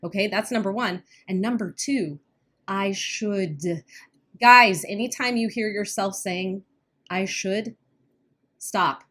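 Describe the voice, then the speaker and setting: A woman's voice: mid-range voice, a bit bright. A woman co-hosting a podcast as a weight-loss coach, talking earnestly in casual chat and often laughing nervously. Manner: earnest, laughs when uneasy, quick bursts.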